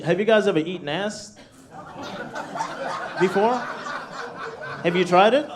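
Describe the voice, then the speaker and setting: A man's voice: high-pitched, a little slow, a crowd in the background. A man performing a crude live stand-up set in a comedy club, brash and laughing through his punchlines.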